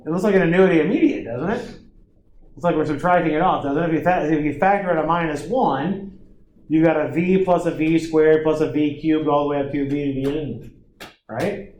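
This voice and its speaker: Man, math lecturer, classroom lecture, lots of tag questions, slightly high voice, faint noise. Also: brisk, a little mellow.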